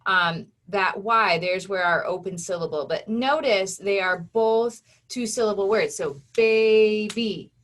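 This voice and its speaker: A woman's voice: mid-range voice, a little slow, hardly any pauses, a bit bright. Patient woman teaching phonics to kids. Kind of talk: online phonics lesson for children.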